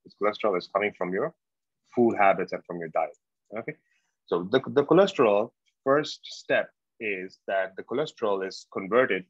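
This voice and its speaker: A man giving a medical exam prep lecture, slow and repetitive, quizzing his students as he goes. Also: lowish voice, dry recording. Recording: dull, dry lo-fi lecture recording.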